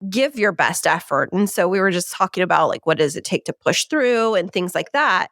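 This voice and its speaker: A woman's voice: fairly low pitch, lively intonation, normal speed, a bit bright, no room sound, studio quality. A woman co-hosting a podcast, asking questions in a searching, thoughtful way and laughing often. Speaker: co-host. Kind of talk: casual podcast conversation.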